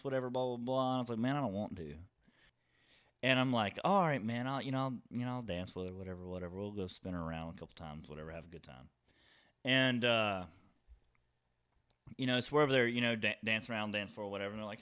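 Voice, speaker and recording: A man's voice: mid-range voice, fast talker, a bit bright, smooth. A man, casually telling a long story on a podcast and filling his talk with "you know" and "whatever.". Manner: rambling, heavy fillers like "you know" and "whatever".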